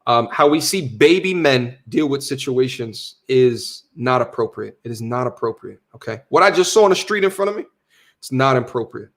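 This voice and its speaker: A young man hosting a casual livestream, reading viewer chat aloud with slangy shout-outs and repeating his points. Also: medium pitch, lively intonation, moderate pace. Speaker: livestream host.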